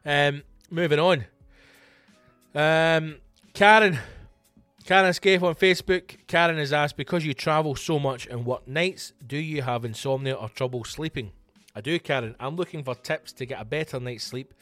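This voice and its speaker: A man's voice: fairly high pitch, moderate pace, a bit bright, dry recording, faint music behind. A Scottish man hosting his own comedy podcast, answering listener questions in a casual monologue with sweary, mock-grand flourishes and teasing the listeners by name. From Scotland.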